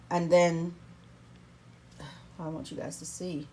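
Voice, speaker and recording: A woman's voice: lowish voice, slow, long pauses. A woman talking through a how-to vlog in a playful, sassy, chatty way, recording herself at home on a camera stand. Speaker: vlogger.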